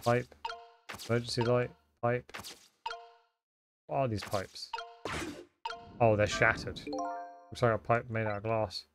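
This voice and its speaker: A man's voice: mid-range voice, level tone, unhurried, long pauses, over music. A man giving casual, rambling commentary while streaming a game and reading its lines aloud.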